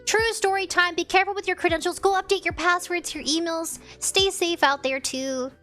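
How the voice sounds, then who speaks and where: A high-voiced woman streaming live, chatting loosely with her viewers and giggling as she drifts from one thing to the next. Her voice has a slight rasp to it. Soft music plays faintly underneath. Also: fairly even intonation, moderate pace. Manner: rambling, giggly, easily sidetracked. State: slightly raspy. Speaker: VTuber livestreamer. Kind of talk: casual livestream chat, reading chat messages.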